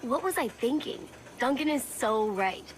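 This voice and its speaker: A woman's voice: on the high side, expressive, a little slow, very noisy. An actress voicing a lovesick teenage girl contestant in a cartoon, flustered and dreamy as she talks. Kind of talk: cartoon voice acting.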